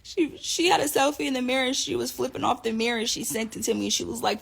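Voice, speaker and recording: A young woman talks casually as an interview guest, her voice sitting a bit high and full of gravelly fry. She is animated and swears freely. She keeps breaking into laughter as she tells stories. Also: fast talker, hardly any pauses. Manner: animated, profane, laughs often. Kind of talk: casual storytelling.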